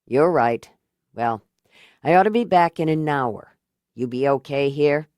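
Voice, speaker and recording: A woman doing a low, calm, wry man. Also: measured pace, no echo, studio quality. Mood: dry. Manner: low, calm and reassuring, dryly joking. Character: steady, wry middle-aged man, a blunt helper. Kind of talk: audiobook character voice.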